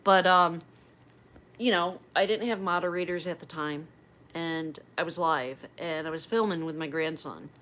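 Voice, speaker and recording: A woman's voice: sits low, moderate pace, fairly bright tone, a little hiss or hum. A woman in her fifties chatting on a livestream, rambling and emotional as she tells family stories. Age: 50s. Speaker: livestream host. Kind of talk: casual livestream chat.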